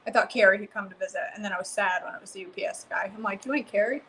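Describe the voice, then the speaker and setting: A woman hosting a live cooking stream from her home kitchen, chatting excitedly and answering viewers by name. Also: mid-range voice, rapid-fire, slight background noise, rough recording. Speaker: cooking livestream host. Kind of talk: casual live cooking chat, reading comments.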